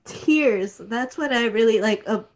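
A woman's voice: fairly high pitch, unhurried, a crowd in the background. A young woman co-hosting a casual chat, talking in an emotional, rambling way with sighs and fillers. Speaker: podcast co-host. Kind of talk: casual chat about an anime series.

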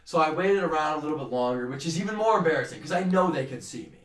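A man's voice: on the high side, fast talker. Young male co-host, loose and swearing, with echoey room sound and the mic set back. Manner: rambling, animated, swears freely. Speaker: podcast co-host. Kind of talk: casual storytelling chat. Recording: roomy, distant from the mic.

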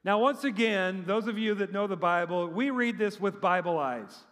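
A middle-aged man preaching a conversational sermon, animated and chatty, with sarcastic asides and frequent restarts. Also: sits high, moderate pace. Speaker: pastor. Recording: long reverb of a large hall.

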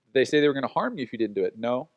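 A man's voice: mid-range voice, very animated, very fast, no room sound, lo-fi sound. A man preaching as a pastor in a casual, conversational way, acting out quotes and laughing at his own stories. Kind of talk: sermon.

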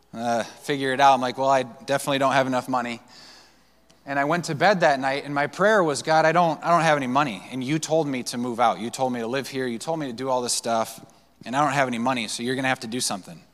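A man's slightly bright, mid-range voice carries through a church sanctuary with long reverb as he preaches. The pastor tells personal stories in a relaxed, conversational sermon, full of fillers and restarts.

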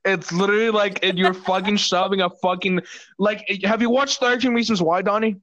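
High-voiced young man, crude and jokey. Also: steady tone, fairly quick, a bit bright, dry recording. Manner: crude, swears a lot, jokey. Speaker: podcast host. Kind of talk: casual chat. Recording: dull lo-fi sound, dry.

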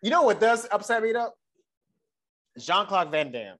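A young man from Texas with a Southern accent, co-hosting a casual podcast chat, animated and laughing often, swearing freely. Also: high-pitched, moderate pace. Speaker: podcast co-host.

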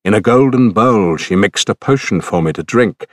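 A man narrating an epic poem in a measured, dramatic storytelling manner, recorded on a close studio mic. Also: fairly low pitch, expressive, no echo. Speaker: audiobook narrator.

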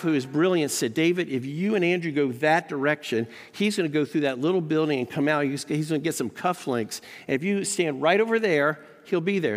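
An American man, a professor, giving a lively chapel sermon full of personal stories. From United States. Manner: animated storyteller, jumps up in pitch when excited. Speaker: professor preaching at a college chapel. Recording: long hall reverb.

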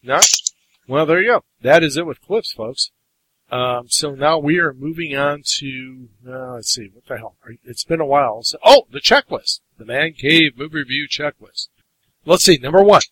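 A man's voice: on the high side, lively intonation, moderate pace, fairly bright tone, poor audio. A man co-hosting a casual movie podcast, running the segments in a loose, informal way with casual swearing.

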